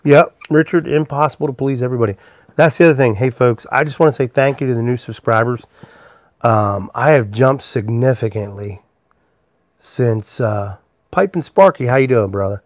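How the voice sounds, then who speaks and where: A man's voice: mid-range voice, normal speed, no echo. A man hosting a casual live stream from his workshop, rambling easily while he works and greeting viewers by name. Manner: rambling, easygoing, talks to chat viewers by name. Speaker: livestream host and pipe maker.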